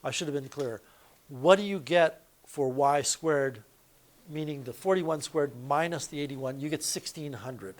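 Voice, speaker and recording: Guy teaching math to a class, kinda high voice, walks thru every step and corrects himself as he goes. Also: normal speed. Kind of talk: classroom lecture.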